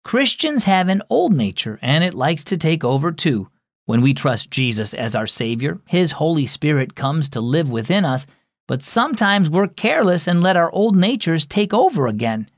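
Storybook mom, patient and soothing, gently explains, lively tone, as a male narrator does her. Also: fairly high pitch, normal speed, no echo, studio quality. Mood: gentle. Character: gentle, patient Christian mother.

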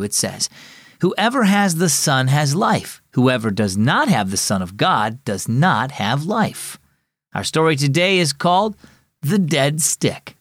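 A man narrating a scripted Christian story for children in a clear, earnest, measured way. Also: medium pitch, dry recording, clean studio sound.

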